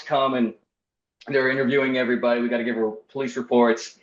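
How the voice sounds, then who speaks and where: A man's voice: medium pitch, little pitch movement, fast. A young man casually telling a personal story in a wry, self-deprecating way, acting out what people said. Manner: wry, self-deprecating, acts out quoted voices. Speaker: storyteller guest. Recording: roomy, slightly dull podcast audio.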